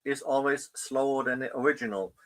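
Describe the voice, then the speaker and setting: A man with a bright, forceful voice asks careful questions about build machines. He talks at a medium pitch in a measured way. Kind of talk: technical discussion.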